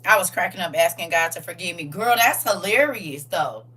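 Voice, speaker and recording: Livestream host, woman, bright tone, animated and slangy with chat. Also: on the low side, normal speed, breathy edge, far from the mic. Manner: animated, laughing, talks back to chat with slang. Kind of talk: casual livestream chat reading viewer comments.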